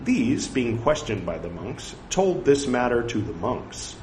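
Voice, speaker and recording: A man reading scripture aloud, saying the quotes and punctuation out loud and breaking off for chatty side remarks. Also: mid-range voice, big pitch swings, measured pace. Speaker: scripture reader. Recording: echoey room with faint background noise.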